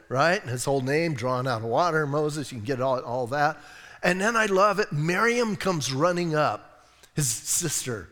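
A man's voice: on the high side, big-room sound. A man with an American accent preaching a sermon as pastor, telling stories with jokes and asides. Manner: animated storytelling with jokes and asides. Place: church sanctuary.

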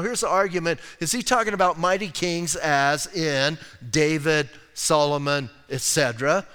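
A pastor with a fairly high, pushed, bright voice, clear and resonant, preaches a sermon in a conversational, folksy way with casual asides. He's in a church sanctuary, and the recording carries the long reverb of a church hall.

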